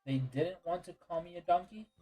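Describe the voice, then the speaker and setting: A man's voice: high voice, fairly quick, dark tone, soft background music, poor audio. A tired man streaming a game and chatting casually with viewers. He yawns, answers chat, and apologizes often. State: tired and yawning.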